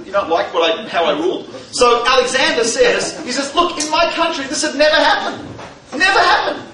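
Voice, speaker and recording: Man, high bright voice, humorous lecture, asks the audience questions, echoey hall, mic at a distance. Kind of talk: lecture with storytelling. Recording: roomy hall from a distance, faint noise.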